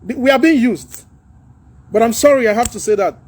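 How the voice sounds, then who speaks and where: A middle-aged man with a Nigerian accent talks earnestly to his livestream audience, lecturing and slipping into pidgin. His voice sits high for a man and has a husky, rough edge. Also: normal speed, a little mellow. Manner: earnest, preachy, mixing pidgin, laughs at his own jokes. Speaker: social media livestream host. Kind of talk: casual political talk livestream.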